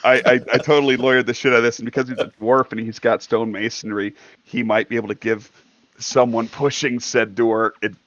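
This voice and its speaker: Man, player, eager, stammering, mid pitch, muffled chat sound. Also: level tone, brisk, fairly bright tone, no room sound. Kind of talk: casual tabletop game chat.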